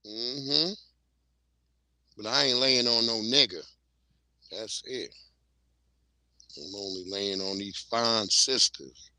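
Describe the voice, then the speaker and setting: A man's voice: lowish voice, slow pace, pauses often, sharp tone, no echo. A man hosting a casual livestream, bantering loosely and joking with plenty of profanity. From Virginia. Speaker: livestream host.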